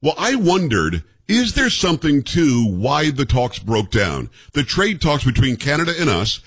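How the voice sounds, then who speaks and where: A man hosting a talk radio show in a General American accent, animated, joking and opinionated. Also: medium pitch, husky, no echo. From New York. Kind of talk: casual talk radio chat.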